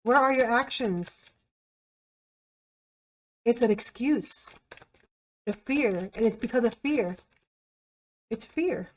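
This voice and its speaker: A woman's voice: a little high, animated, slow pace, long pauses. A woman giving a tarot reading to camera in a blunt, emphatic way, repeating herself and swearing freely. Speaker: tarot reader.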